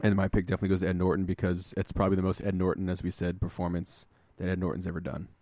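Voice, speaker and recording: A man's voice: sits low, monotone, racing, mellow, dry recording. A man co-hosting a casual podcast about movies, joking and rambling, laughing often. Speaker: podcast co-host. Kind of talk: casual chat.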